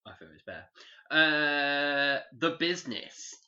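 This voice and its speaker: A man's voice: on the high side, lively intonation, a little slow, sharp tone. A man co-hosting a casual podcast chat, jokey and teasing, swearing freely. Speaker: podcast co-host. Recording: dull lo-fi recording.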